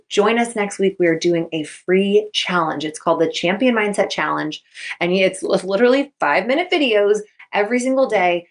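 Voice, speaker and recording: A woman in her thirties hosts her own sports mindset podcast, talking in a casual, upbeat way. Her voice sits in a middle pitch, and she often acts out what people say. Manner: upbeat, chatty, acts out quotes. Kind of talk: casual solo podcast talk.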